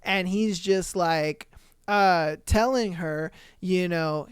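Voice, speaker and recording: Rambling, slangy podcast host with a smooth voice. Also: mid-range voice, slow, no echo, clean studio sound. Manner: rambling, slangy, cursing freely; frequent fillers and self-corrections. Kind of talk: casual story recap.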